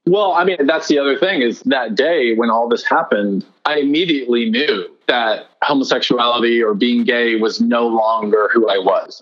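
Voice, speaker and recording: A man telling his life story as an interview guest, earnest and excited, with lively quoted lines. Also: medium pitch, muffled recording. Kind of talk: testimony interview.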